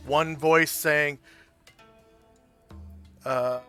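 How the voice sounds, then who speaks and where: Male tabletop game master, unhurried improvised narration, crisp and bright tone. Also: mid-range voice, no echo, soft background music. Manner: unhurried, descriptive, loosely improvised.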